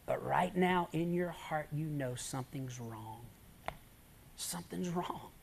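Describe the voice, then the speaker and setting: A man preaching a sermon as a pastor, telling stories with dramatic pauses and swinging between loud emphasis and hushed near-whispers. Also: on the high side, creaky, slight background noise.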